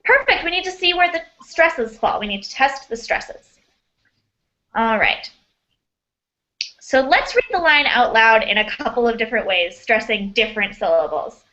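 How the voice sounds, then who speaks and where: A woman's voice: fairly high pitch, lively intonation, normal speed, bright, forceful tone, lo-fi sound. A woman teaching an online class, upbeat and encouraging, heard over a video call.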